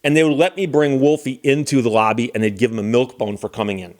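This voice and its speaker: A man's voice: mid-range voice, fairly even intonation, quick pace, darkish tone. A middle-aged man who is a lawyer and channel host, telling a story in a casual monologue with a wry, exasperated manner.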